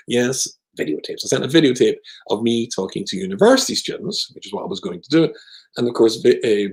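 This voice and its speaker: A rabbi telling a humorous story with wry, self-deprecating jokes. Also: male voice, medium pitch, creaky, darkish tone, poor audio. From Scotland. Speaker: rabbi, guest speaker.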